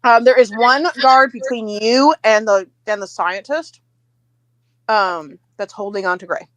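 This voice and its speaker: A woman's voice: on the high side, a little slow, no room sound. Lady running a tabletop game, chatty, lots of ums and laughs, dry close mic. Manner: chatty, lively, with hesitant fillers and chuckles. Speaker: game master.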